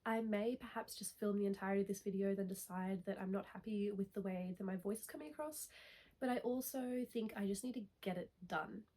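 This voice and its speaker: A woman's voice: medium pitch, brisk, warm tone. Young woman, congested and nasal from a cold, casual rambling chat to camera. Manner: chatty, rambling with self-corrections. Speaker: knitting vlogger.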